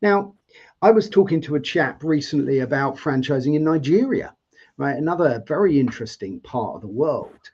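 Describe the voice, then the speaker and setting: A man hosts a live interview, chatting through long, wandering questions. His voice sits a bit high for a man. The sound is dull and lo-fi, as over a video call. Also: expressive, normal speed, a little mellow, breathy edge. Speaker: host.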